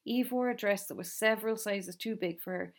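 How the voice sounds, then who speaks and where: A woman reading a novel aloud in a calm, steady storytelling manner. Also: medium pitch, brisk. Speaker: reader.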